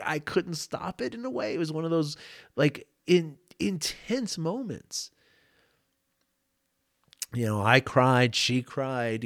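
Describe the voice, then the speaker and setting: A man's voice: on the high side, no echo. Man, podcast host, reflective, rambling, fillers, light laughs, dry booth-like sound. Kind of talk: candid personal storytelling. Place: home.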